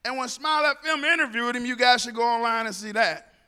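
Man, very high voice, bright tone, animated storyteller acting out dialogue, long hall reverb. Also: fast talker, clear, resonant tone. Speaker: speaker addressing a group. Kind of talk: personal storytelling commentary.

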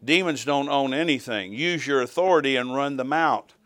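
An older man delivers a sermon laced with personal stories from his ministry, in a smooth, resonant, medium-pitched voice at a moderate pace. He animates each tale by acting out the dialogue and swells to a shout at the climaxes. The recording is close and dry, with no room sound.

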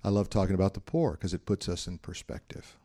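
A man's voice: low-pitched, quick pace, mellow. A middle-aged man preaching a sermon in a conversational, storytelling way, acting out the voices of people he quotes. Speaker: pastor.

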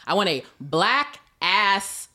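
A woman's voice: medium pitch, big pitch swings, slow, bright, forceful tone. A woman hosting an interview, teasing and playful, with frequent laughter. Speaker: podcast host. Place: San Francisco.

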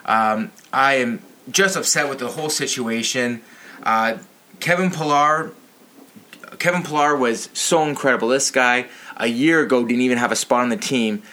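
A man's voice: mid-range voice, normal speed, bright, forceful tone. Heated, swearing man ranting about sports. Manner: outraged, profane and heated. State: a little tipsy.

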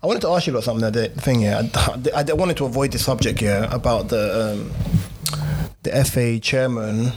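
A man's voice: mid-range voice, brisk, background noise. A man co-hosting a casual podcast chat, telling stories with lots of laughter and banter. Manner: animated, laughing, banter-heavy storytelling. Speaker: podcast co-host.

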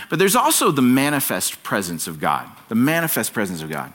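Male pastor preaching, earnest, repeats key lines, voice all over the place pitch-wise. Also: very animated, brisk, few pauses, fairly bright tone. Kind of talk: sermon. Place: church service.

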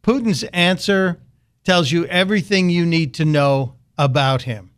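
A man's voice: a little high, a little slow, smooth. A man hosting a political talk radio show, delivering a sarcastic, mocking monologue.

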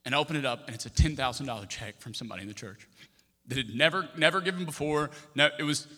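A man's voice: medium pitch, fast talker. A man from Texas preaching a sermon as a pastor, telling a story and acting out the dialogue in it. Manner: animated storyteller, acts out dialogue. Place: large church hall. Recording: long reverb of a big church hall.

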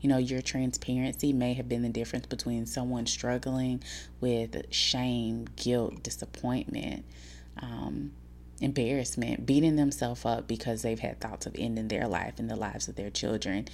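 Deep-voiced, affirming female host. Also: fairly even intonation, a little mellow, a little hiss or hum. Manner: affirming and measured. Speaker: podcast host. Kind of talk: interview conversation.

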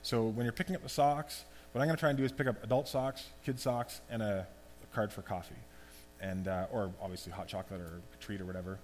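A man giving a conversational, animated sermon as pastor. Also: on the low side, fast talker. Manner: conversational, animated preaching with asides. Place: church hall. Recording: long hall reverb, faint hum.

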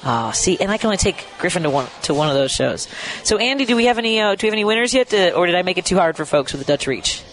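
A man's voice: high voice, sing-song, racing, a bit bright, low-quality recording. A man hosting a live radio call-in show from a restaurant, chatty, laughing often and correcting himself as he goes. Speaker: radio host.

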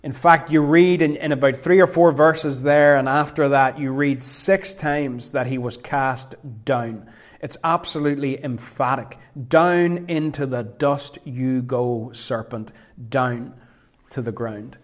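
A man preaching a sermon, emphatic, slowing right down whenever he quotes scripture. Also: mid-range voice.

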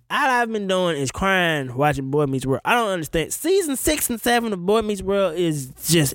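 A male podcast host talking casually, his voice sitting a little higher than most men's. He rants in an animated, profane way and often laughs. The sound is dry and close, with no room echo.

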